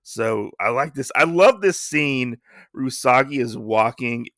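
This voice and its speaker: A man casually recaps a comic story on a podcast, rambling with frequent fillers. His voice is bright and forward. It is recorded close on a mic in a dry room. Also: medium pitch, lively intonation, measured pace, no room sound. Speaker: podcast host.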